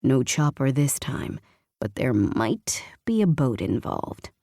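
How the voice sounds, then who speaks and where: A woman voicing a possessive, teasing husband who gives hushed, half-whispered commands. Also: very deep voice, very animated, slow pace, dry recording, clean studio sound, pitched below the performer's own voice, exaggerated voice.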